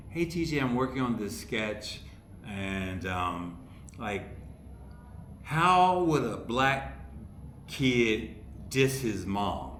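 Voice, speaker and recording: Guesting on a podcast, an Ohio comedy writer with a fairly low voice tells stories casually and performs all the voices of people he quotes. The echoey room carries faint background noise.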